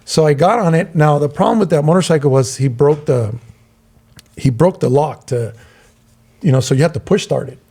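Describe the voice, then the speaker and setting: A middle-aged Southern Californian podcast co-host with a slightly rough, high-leaning voice talks at a moderate pace. Casually telling a long story, he stays animated and imitates the voices of the people he quotes.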